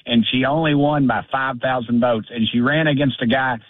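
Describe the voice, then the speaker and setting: A man's voice: medium pitch, steady tone, normal speed, no room sound. A man speaks bluntly and with heat, the folksy tone of a congressman calling in to a show. His voice comes over a tinny phone line. The sound is dry and close. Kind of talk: phone call-in interview.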